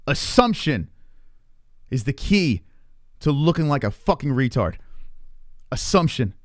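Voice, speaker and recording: A man's voice: mid-range voice, sing-song, a little slow, dry recording, clean studio sound. A man hosting a live stream and ranting casually, heated and full of profanity.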